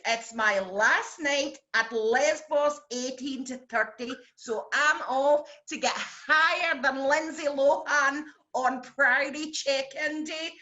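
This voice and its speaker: A woman's voice: on the high side, bright, forceful tone, highs cut off. A woman playing a brash Scottish TV critic who tells bawdy, boastful tall tales in a comic monologue over a video call. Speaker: TV critic character.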